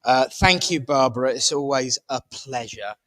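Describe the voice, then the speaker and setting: A man's voice: medium pitch, moderate pace, a bit bright. A man hosting a church service in a village hall, making jokey announcements and leading a closing prayer. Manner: chatty, self-mocking, playful. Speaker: service leader and host.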